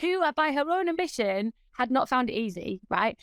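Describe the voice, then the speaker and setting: A woman with a fairly high voice chats as a podcast guest, telling her stories with lots of energy and frequent laughter. The sound is dry and close, with no room around it. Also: moderate pace, clear, resonant tone, no echo. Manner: lively storytelling, laughs often. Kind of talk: casual chat.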